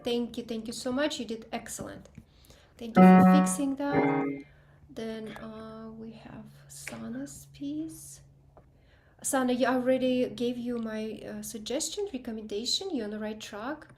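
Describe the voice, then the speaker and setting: In an online group piano class, this woman encourages her students and sings rhythms aloud to show how passages go. She speaks on the high side, at a moderate pace, with a darkish tone.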